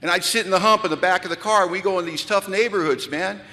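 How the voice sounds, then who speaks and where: Man, 50s, lively storyteller at the podium; a higher, bright voice carried by hall reverb. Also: quick pace. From Pacific Northwest of the US. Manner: animated, acts out dialogue, drops low for his own past self. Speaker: recovery retreat speaker. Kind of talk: storytelling talk to a live audience. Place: large hall.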